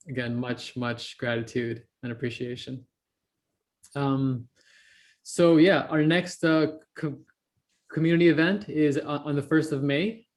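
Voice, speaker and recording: A man hosting an online event, closing it with thanks and announcements and stuttering lightly with fillers. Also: mid-range voice. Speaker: host.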